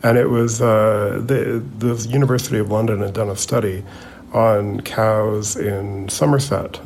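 A man's voice: lowish voice, fairly even intonation, unhurried, darkish tone, a little hiss or hum. A man co-hosting a podcast, talking in a casual, hesitant way full of fillers and restarts. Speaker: podcast co-host. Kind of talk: casual chat.

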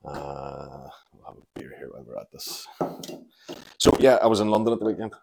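Brief: Northern Irish host, low voice, sweary rambling monologue, dry close sound. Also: male voice, expressive, normal speed, creaky, a little mellow, no echo. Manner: rambling, sweary, jokey storytelling. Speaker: podcast host. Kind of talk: casual solo podcast monologue. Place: at home, moving around the house doing chores.

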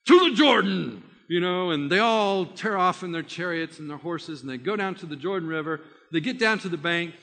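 A man preaching a sermon by retelling a story, animated and vivid, with frequent restarts. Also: a little high, long reverb tail.

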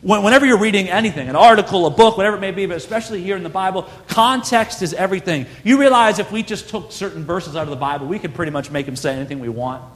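A man's voice: high-pitched, very fast, hardly any pauses, big-room sound. A man preaching a sermon as pastor, earnest and conversational, pressing his points with emphatic repetition.

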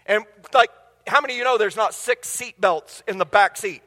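Middle-aged male pastor, very high and sharp, humorous storyteller, church hall reverb. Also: moderate pace. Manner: humorous storytelling, quizzing the congregation. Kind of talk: sermon. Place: church sanctuary. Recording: long reverb of a large hall.

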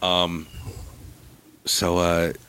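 A man's voice: completely flat delivery, very slow, clean tone. A man from northern New Jersey telling a rambling, profane story in casual chat, acting out what other people said. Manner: swings high and loud when quoting others.

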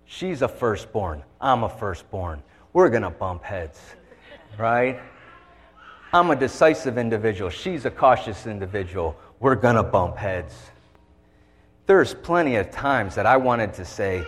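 In a big-sounding room, a man preaches an emotional sermon, telling his own story with heartfelt feeling and shifting his voice to act out a conversation with God. His voice is fairly low, very animated and unhurried.

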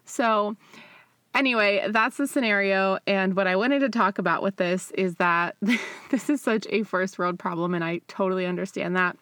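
A woman's voice: mid-range voice, moderate pace, fairly bright tone, no room sound. Young woman, podcast host, candid chatty delivery, laughs often, dry close sound. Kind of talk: casual solo podcast monologue.

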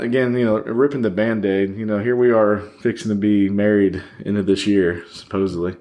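A man's voice: lowish voice, a little mellow. A man as a podcast guest, telling a candid personal story in a rambling way with many fillers, sitting across a table from the host.

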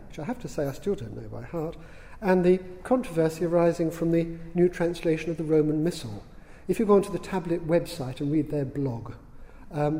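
Man, lecturer, dry wit, mellow warm tone, long hall reverb. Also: fairly high pitch. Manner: dry, witty, unhurried, with fillers. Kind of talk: public lecture. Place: large hall.

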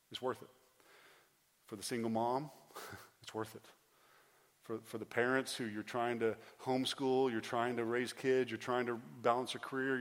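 A man in his thirties delivers an earnest sermon from the pulpit, repeating and restarting phrases as he builds to loud, emphatic pleas. His voice sits at a middle pitch and carries a long reverb from a large hall. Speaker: pastor.

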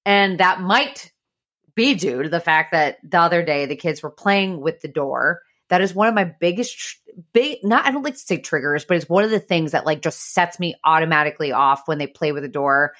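A woman hosting a podcast talks candidly about parenting, telling stories and swearing freely in casual conversation. Her voice is low yet fairly bright, animated, and moderately paced.

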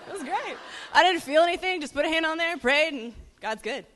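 Higher-voiced woman telling a lively testimony story, laughy and animated, echoey hall. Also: brisk, some chatter behind, a little hiss or hum. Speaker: ministry team member. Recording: reverberant hall.

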